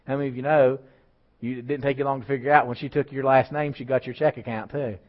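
A man's voice: medium pitch, fast. Male pastor preaching. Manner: animated preaching with rising emphasis and asides to the congregation. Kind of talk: sermon. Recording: slightly dull lo-fi church recording.

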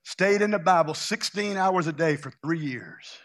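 A man from Louisiana, preaching a loud, exuberant charismatic sermon full of folksy stories and shouted praise. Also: on the high side, normal speed.

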